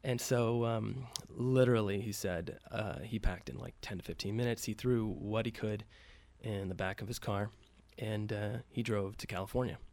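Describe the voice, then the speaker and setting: A man's voice: on the low side, moderate pace, hardly any pauses, darkish tone. A man telling a story casually, with loose profane talk and many fillers, acting out the quoted lines lightly.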